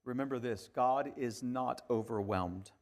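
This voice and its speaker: Pastor, male, mid-pitch voice; conversational sermon delivery that drops to near-whispers and climbs to strong emphasis. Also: unhurried. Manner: conversational preaching, swings from hushed to emphatic.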